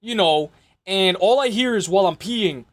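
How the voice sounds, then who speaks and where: A young man hosting a casual fight-prediction show, rambling and excitable, repeating himself and swearing often. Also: high voice, normal speed. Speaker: MMA podcast host.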